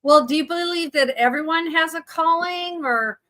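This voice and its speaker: A woman's voice: extremely high pitch, moderate pace, pushed and bright. A woman hosting a podcast interview who asks questions in an encouraging manner. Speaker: podcast host.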